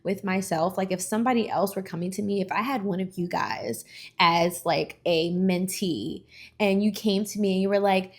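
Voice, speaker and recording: Animated young woman vlogging. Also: mid-range voice, moderate pace. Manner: animated and emphatic, casual slangy phrasing. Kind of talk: motivational vlog talk to the camera.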